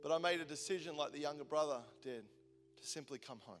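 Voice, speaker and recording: A man in his forties preaches with a high, bright, forceful voice, moving between fervent bursts and near-whispered lines. His voice rings with long reverb in a large hall, and soft instrumental music sits underneath. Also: fast talker. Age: 40s. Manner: passionate storytelling, swinging from loud intensity to hushed tones. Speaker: pastor. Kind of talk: sermon.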